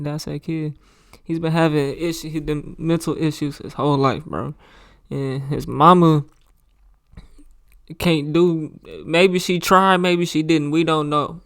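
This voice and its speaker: A man's voice: a little high, clean tone. A man hosting a reaction show, giving loose, slangy commentary on a crime documentary and repeating himself often.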